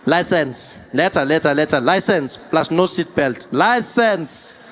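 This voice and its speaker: Guy doing a traffic cop, barks short orders, loud. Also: fairly high pitch, lively intonation, unhurried. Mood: barking. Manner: barking, clipped. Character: curt male South African traffic cop.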